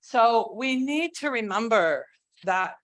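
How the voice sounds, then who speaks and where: Slow, earnest woman giving a keynote. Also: on the high side, animated, fairly bright tone. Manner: earnest, slow, with drawn-out emphasis; sings and acts out cries while teaching. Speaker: keynote speaker. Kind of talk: keynote talk on religious education.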